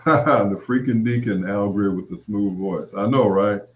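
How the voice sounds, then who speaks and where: A middle-aged man, hosting a show and telling stories in an animated way, laughing often and full of "you know" asides. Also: on the low side, unhurried. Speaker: podcast host. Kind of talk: storytelling monologue.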